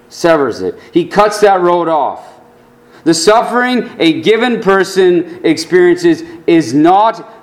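A male pastor preaching a sermon, earnest, dropping to quiet low asides and rising to emphatic lines.

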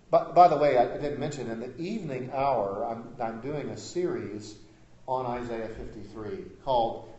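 A male pastor delivers an emphatic sermon in a slightly high, mellow voice. His pitch rises and falls widely as he moves between loud declarations and quiet asides. The sound carries the echo of a large church sanctuary. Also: lo-fi sound.

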